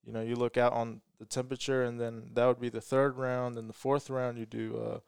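A man's voice: medium pitch, flat delivery, brisk, creaky, smooth, no echo, studio quality. A man who runs a lawn care business, chatting casually and explaining step by step with lots of fillers. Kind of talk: casual chat.

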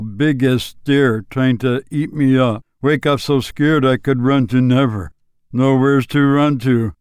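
A man voicing a lonely backwoods boy who speaks in slow, flat, matter-of-fact rural talk. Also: medium pitch, clear, resonant tone, dry recording, clean studio sound, close to an everyday voice. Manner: slow drawling rural speech, flat and unbothered.

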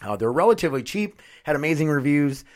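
A man's voice: on the high side, lively intonation, fast. Guy rambling on his podcast, cusses a lot, jumps all over the place, condenser mic. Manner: rambling, profane, self-mocking. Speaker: podcast host. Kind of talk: casual podcast chat. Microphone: condenser studio mic.

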